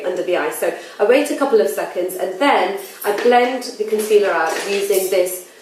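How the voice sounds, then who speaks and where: A woman's voice: medium pitch, a little mellow, recorded from a distance, a little hiss or hum. A woman talking through her everyday makeup routine in a casual, frank, self-deprecating voice-over. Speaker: beauty vlogger. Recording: very echoey room, mic set back.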